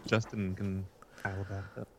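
A man hosting a comedy show, chatting casually in a soft, mumbly, self-deprecating way. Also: low voice, little pitch movement, normal speed, vocal fry. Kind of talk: casual banter on a live show.

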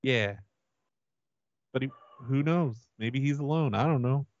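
A man making a prank phone call, stammering and mock-earnest as he makes absurd requests in a deadpan way. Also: medium pitch, measured pace. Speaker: prank caller host.

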